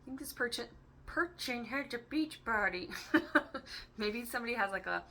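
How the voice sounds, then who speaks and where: Woman, tarot reader vlog. Bright, forward tone; loose, giggly, free-associating delivery. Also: on the high side, expressive, brisk, a little hiss or hum. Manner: chatty, giggly and playful. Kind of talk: casual tarot reading.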